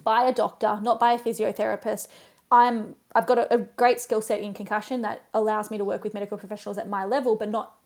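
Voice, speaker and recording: A woman's voice: mid-range voice, flat delivery, fast, a little mellow. A woman with an Australian accent, a physiotherapist guest in casual podcast chat, telling stories chattily and laughing as she goes.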